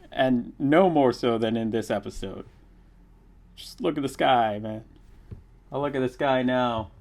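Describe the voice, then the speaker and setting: Young male streamer, eager fan energy, reads chat aloud, ordinary mid-range voice. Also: mid-range voice. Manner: reads viewer comments aloud, excitable fan. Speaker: livestream host. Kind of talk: casual live watch-along chat.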